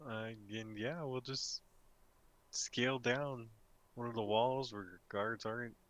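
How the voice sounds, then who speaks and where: Brief: easygoing man at a tabletop game, slow drawl, casual. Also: medium pitch, steady tone, fairly bright tone. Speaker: player. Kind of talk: casual tabletop role-play.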